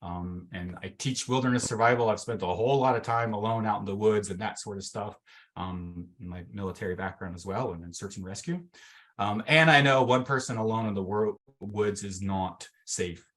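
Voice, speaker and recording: A man's voice: on the low side, normal speed, fairly bright tone. A man coaching a group on a video call, talking casually with lots of fillers and acting out inner voices. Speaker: mental fitness coach. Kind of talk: teaching a workshop session on a video call.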